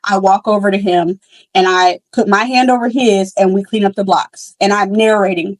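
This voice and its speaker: A young woman in casual conversation, full of fillers and quick restarts as she reflects openly. Her voice sits in a middle register and comes across dry and close, with no room sound around it. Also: medium pitch, steady tone, no room sound, low-quality recording. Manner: chatty, many fillers and restarts; candid and reflective. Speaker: podcast host. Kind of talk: casual storytelling.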